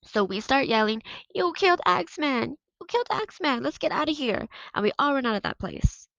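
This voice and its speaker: A woman's voice: a little high, a little fast, clear, resonant tone, no room sound, muffled recording, voice pushed up, lightly acted. A woman reading aloud and voicing a cocky, mocking teenage boy who leads the soccer team. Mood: swaggering. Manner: taunting, swaggering.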